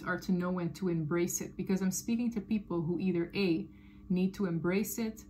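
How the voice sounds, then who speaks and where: A woman giving a tarot reading to her viewers, talking in a loose, animated way, often laughing and repeating phrases. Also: on the low side, slight background noise, rough recording. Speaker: tarot reader. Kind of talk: casual tarot reading to camera.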